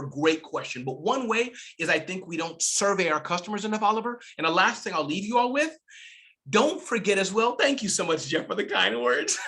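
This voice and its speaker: A middle-aged man giving an energetic webinar talk, exclamatory and animated, swinging between loud bursts and soft asides. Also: sits high. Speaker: guest speaker.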